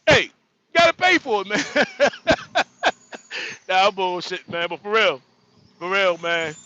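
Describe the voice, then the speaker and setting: A truck driver hosting a casual livestream speaks at a measured pace in a high, bright, forceful voice, and he is very animated. He jokes, repeats himself and laughs often, and the sound is lo-fi.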